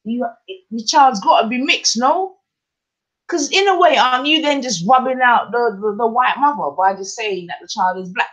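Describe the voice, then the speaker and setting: Man, podcast co-host, thinks out loud, keeps asking if you follow. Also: very high-pitched, moderate pace. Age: adult with children. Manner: musing aloud, keeps checking the listener follows. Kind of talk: casual chat.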